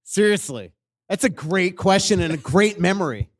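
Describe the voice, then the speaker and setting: A man hosting a podcast in front of a live audience, telling animated stories and acting out what people said. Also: high voice, moderate pace, dry recording, studio quality. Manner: animated storyteller, acts out quotes. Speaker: podcast host and hockey writer. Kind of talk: casual chat before a live audience.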